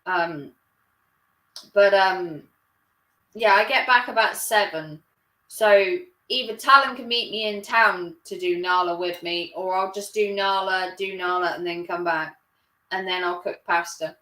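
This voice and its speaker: A woman's voice: mid-range voice, sharp tone. A woman chatting casually on a live stream, rambling and laughing often. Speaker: livestreamer. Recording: roomy echo.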